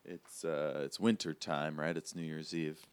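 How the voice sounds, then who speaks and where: A man narrating as game master in a tabletop game, relaxed and casual with many fillers. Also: a bass voice, measured pace, smooth, no echo.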